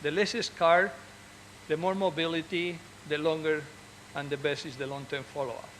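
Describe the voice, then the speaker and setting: A man's voice: a little high, steady tone, moderate pace, a bit bright, slight background noise, low-quality recording. A man, an orthopedic surgeon, speaking earnestly and encouragingly to fellow doctors, often restarting and repeating words.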